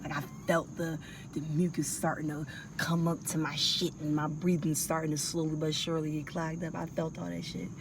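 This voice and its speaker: A woman co-hosts a podcast in laid-back, casual chat with laughing banter, while sick with a cold. Her voice sits low with little pitch movement and a brisk pace, and the background is noisy.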